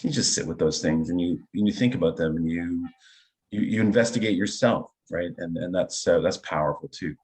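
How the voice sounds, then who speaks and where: A man's voice: sits low, a little fast, a little mellow. A middle-aged man, an improv teacher, explaining his ideas with enthusiasm through personal anecdotes and frequent "right?" check-ins. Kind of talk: conversational interview storytelling.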